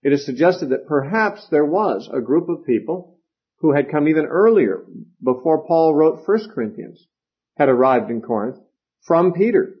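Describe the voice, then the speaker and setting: A man's voice: fairly high pitch, breathy edge, lo-fi sound. A man giving a conversational Bible lecture, often restarting phrases and using fillers. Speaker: Bible teacher. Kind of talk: lecture teaching.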